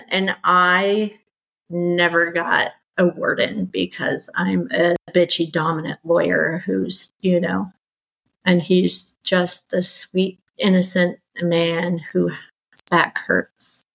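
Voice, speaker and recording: Middle-aged woman guest, low-ish voice, candid storytelling, animated and exasperated. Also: takes it slowly, vocal fry, rough recording. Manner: animated, exasperated, quoting others in lively bursts. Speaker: podcast guest.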